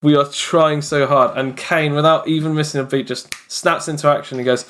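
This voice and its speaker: A man's voice: fairly high pitch, normal speed, few pauses. A man who runs a tabletop game, telling a story in casual chat with lots of fillers and restarts. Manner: animated storyteller, many fillers. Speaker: game master.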